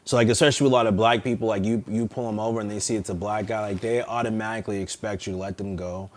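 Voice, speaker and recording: A young man with a fairly low voice tells street stories in a loose, profane way. He slips into quick impressions of the people he talks about, then drops back to his easy chatting tone. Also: fairly even intonation. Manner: profane, storytelling, acts out quoted voices. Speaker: police officer and podcast co-host. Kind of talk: casual chat.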